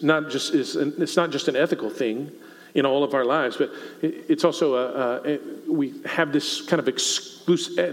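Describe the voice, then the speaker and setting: Texan preacher guy, kinda high voice, chatty sermon w questions to the crowd, big echoey church hall. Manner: conversational preaching, asks the congregation questions. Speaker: pastor. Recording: long reverb of a church hall.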